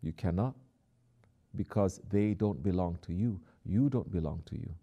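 A man preaching a sermon who exhorts his listeners, drops to soft, quiet asides and then rises to emphatic lines. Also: sits low, moderate pace, creaky, lo-fi sound.

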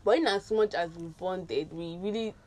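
A woman's voice: lowish voice, moderate pace. A young woman co-hosting a casual podcast chat with her sisters, laughing and mixing in pidgin. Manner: laughing, animated, mixes pidgin. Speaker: podcast co-host.

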